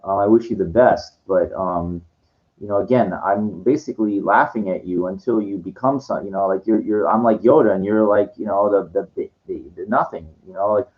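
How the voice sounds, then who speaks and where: A man's voice: fairly low pitch, normal speed. Condescending man ranting, lo-fi sound. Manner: condescending, lecturing, stumbling restarts. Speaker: vlogger answering viewer comments. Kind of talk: ranting monologue to camera. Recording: dull lo-fi sound.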